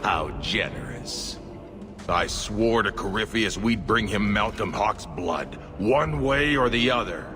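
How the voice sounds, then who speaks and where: An actor playing a menacing male criminal boss in a video game, speaking with a cold, mocking calm. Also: on the low side, takes it slowly. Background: game music.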